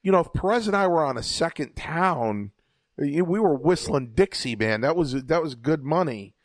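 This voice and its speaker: A man's voice: on the high side, animated, normal speed, dry recording. Rambling, profane man telling old stories. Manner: rambling, profane, stumbling restarts. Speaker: podcast co-host, former wrestler. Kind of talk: casual storytelling banter.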